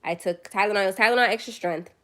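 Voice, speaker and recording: A woman's voice: mid-range voice, fast talker, bright, forceful tone. A young woman chatting casually on her first phone livestream, tired late at night, rambling and self-deprecating.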